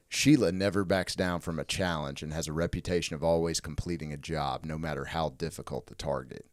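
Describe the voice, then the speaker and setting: Laughing, profane podcast host. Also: male voice, a bass voice, fairly even intonation, fairly quick, few pauses, no echo, clean studio sound. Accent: Southern American. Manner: laughing, profane, self-interrupting. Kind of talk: casual comedic chat, reading a movie pitch.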